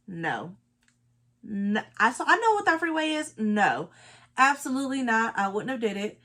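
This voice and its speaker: A woman's voice: a little high, sing-song, normal speed, pushed and bright. A woman from Los Angeles, a beauty vlogger chatting casually while doing her makeup, emphatic and repeating her points. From Los Angeles, California.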